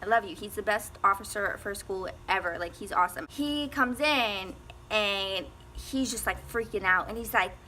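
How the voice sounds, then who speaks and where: A woman's voice: medium pitch, normal speed, bright, forceful tone, slight background noise. A teenage girl telling a casual storytime, rambling with lots of fillers and frequent laughs. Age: teens. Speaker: vlogger.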